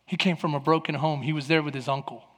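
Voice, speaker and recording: Pastor guy preaching, pretty high voice, lots of long hall echo, does little voices for his stories. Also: quick pace. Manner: lively storytelling preacher, acting out quoted voices. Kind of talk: sermon.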